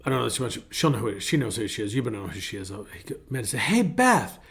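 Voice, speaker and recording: A middle-aged male pastor gives a casual devotional talk, rambling in a folksy style and frequently interrupting himself. His voice is gravelly and on the low side, and he speaks rapid-fire.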